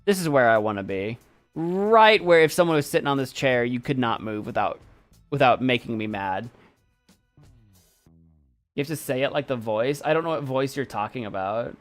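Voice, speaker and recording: A man's voice: medium pitch, normal speed, long pauses, soft background music. A man hosting a stream, casually and playfully commenting on viewers' pet photos and laughing often. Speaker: streamer host.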